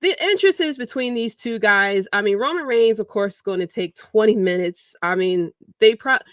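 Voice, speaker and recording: A woman hosting a casual livestream, talking in a rambling, animated way and chuckling mid-sentence. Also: medium pitch, normal speed, dry recording, studio quality. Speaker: podcast host.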